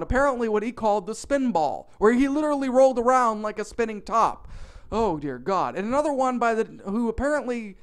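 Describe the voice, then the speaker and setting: A man narrating a comic storytime in an animated, profane, exaggerated way. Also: high-pitched.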